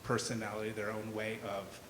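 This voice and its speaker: A man's voice: lowish voice, completely flat delivery, brisk, a bit bright, a little hiss or hum. Man answering from a roomy hall. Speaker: audience member.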